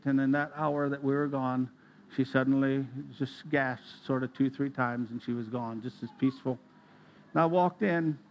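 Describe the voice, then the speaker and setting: A middle-aged man preaching in an earnest, storytelling way, his voice sitting a little higher than most men's. He often pauses to clear his throat as he speaks. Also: lo-fi sound. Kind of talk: sermon.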